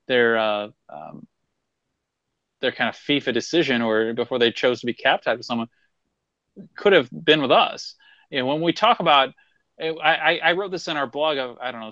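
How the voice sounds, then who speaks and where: A man's voice: mid-range voice, fairly bright tone, no echo, lo-fi sound. A man co-hosting a casual sports chat, blunt and swearing freely as he argues his points in bursts. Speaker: podcast co-host.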